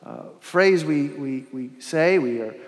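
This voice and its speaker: A man preaching a sermon in a measured, earnest way, with pauses and restarts, in a large church. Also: fairly high pitch, expressive. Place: large church with long reverb. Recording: long hall reverb.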